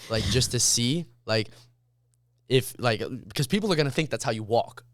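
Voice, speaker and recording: A man talking as a podcast guest in a loose, profane, animated way. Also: mid-range voice, normal speed, no room sound, clean studio sound. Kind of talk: casual chat.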